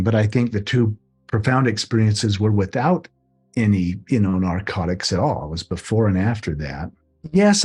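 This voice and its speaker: A man's voice: fairly low pitch, darkish tone, slightly rough. A middle-aged man, an interview guest, earnestly recounting a personal experience and acting out remembered conversations. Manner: earnest, acts out remembered dialogue. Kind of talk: personal storytelling.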